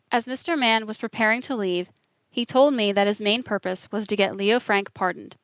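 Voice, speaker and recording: A woman reading an audiobook in the first person, measured and earnest, with a voice of middling pitch. The recording is dry and close, with no room sound. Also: fairly bright tone, dry recording. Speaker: audiobook narrator. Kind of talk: scripted first-person narration.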